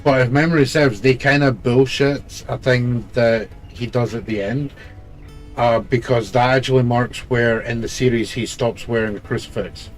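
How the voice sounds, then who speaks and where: A man chatting casually over gameplay, blunt and sweary, quick to argue. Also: medium pitch, steady tone, soft background music. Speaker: let's play co-host.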